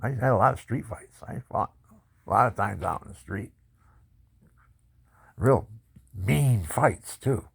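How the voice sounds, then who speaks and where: A man telling his life story in a personal testimony, animated and boastful, laughing often. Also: lowish voice, measured pace, gravelly, pauses often, breathy edge, dry recording, clean studio sound.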